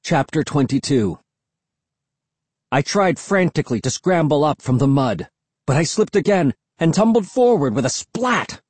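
An audiobook narrator giving a dramatic, expressive first-person reading. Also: medium pitch, moderate pace, slightly rough, no echo.

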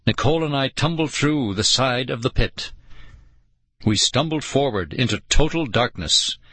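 A man narrating an audiobook in a slow, dramatic storytelling manner. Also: mid-range voice, pushed and bright, no room sound.

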